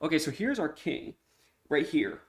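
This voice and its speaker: A young man talks casually on a live stream about the comic he is making. His voice sits fairly high for a man. He often cuts himself off, restarts sentences and clears his throat. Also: sing-song, normal speed. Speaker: streamer and indie comic maker.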